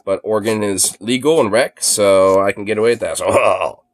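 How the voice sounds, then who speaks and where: A man livestreaming his reactions from a phone, excitable and profane, laughing often. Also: fairly low pitch, moderate pace. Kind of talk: live reaction stream.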